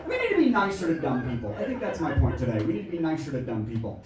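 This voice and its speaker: A middle-aged American comedian works a small theatre stage, his rather high voice leaping up and down as he acts things out. He sounds a little distant from the mic in a very echoey room, and audience laughter comes through behind him. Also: rapid-fire, a loud crowd. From United States. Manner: animated, exaggerated, acts out shrill voices. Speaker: stand-up comedian. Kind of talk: stand-up comedy set.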